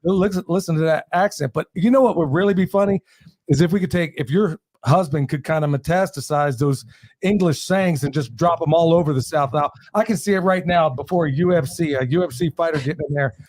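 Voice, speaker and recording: American guy hosting, rambling jokey questions, kinda high voice, dry close sound. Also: fairly quick, darkish tone, no room sound. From United States. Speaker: host. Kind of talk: casual interview chat.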